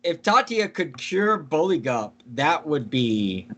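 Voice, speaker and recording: A man's voice: on the high side, very animated, slow pace, fairly bright tone. A man playing in a tabletop game, defensive and casually swearing. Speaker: player.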